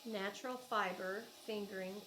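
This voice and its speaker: Unboxing yarn at home for her crochet vlog, an Oklahoma-accented woman chats casually, gushes, and thinks aloud. She speaks at a normal speed in a mid-range, pushed, bright voice with fairly even intonation, on a rough recording with a little hiss or hum.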